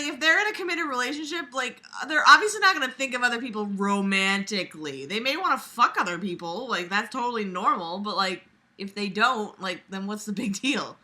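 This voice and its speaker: A woman's voice: on the high side, expressive, moderate pace, sharp tone. A woman reading a fan story aloud and breaking off into sarcastic, profane commentary full of fillers. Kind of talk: dramatic reading with mocking commentary.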